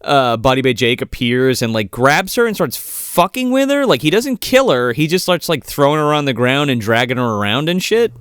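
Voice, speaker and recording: A man's voice: mid-range voice, very animated, normal speed, hardly any pauses, a bit bright, clear, resonant tone, no echo, clean studio sound. A man co-hosting a casual movie podcast, retelling scenes in a rambling, profane way. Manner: profane, rambling retelling with mocking quoted voices. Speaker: podcast co-host. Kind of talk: casual movie review chat.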